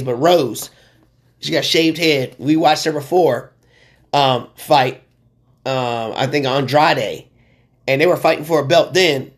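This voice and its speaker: A man hosting a sports talk show, rambling and excitable with lots of slang. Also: fairly high pitch. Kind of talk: casual sports commentary.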